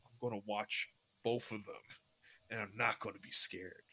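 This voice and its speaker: A man's voice: lowish voice, steady tone, normal speed, pushed and bright, slightly rough. A young man in his twenties, co-hosting a podcast, rambling casually with lots of fillers and restarts. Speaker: podcast co-host. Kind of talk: casual chat.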